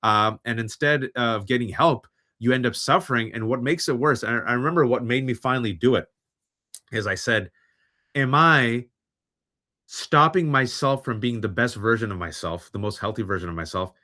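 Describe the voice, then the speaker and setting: With a mid-range voice and a moderate pace, this host in his forties gives livestream commentary on men's mental health. He's animated and frequently imitates how other people talk.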